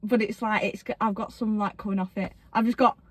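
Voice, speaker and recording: A woman's voice: mid-range voice, fairly even intonation, brisk, no room sound. A young woman, chatting casually in a parked car, swearing freely and acting out quotes. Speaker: podcast co-host. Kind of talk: casual chat.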